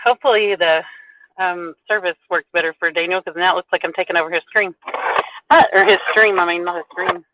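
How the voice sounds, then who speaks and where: A woman's voice: fairly low pitch, fairly even intonation, slight background noise. A woman chatting on a live stream in a teasing, chatty way, calling in by phone from her parked car at a lake. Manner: chatty, teasing, quick to laugh. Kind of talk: casual live-stream chat. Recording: tinny phone-line audio.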